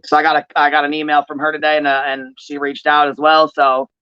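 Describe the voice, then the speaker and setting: A woman's voice: sits low, flat delivery, fast talker, smooth, dry recording. A woman hosting a livestream commentary, ranting in a heated, profane way. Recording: dull, dry lo-fi stream audio.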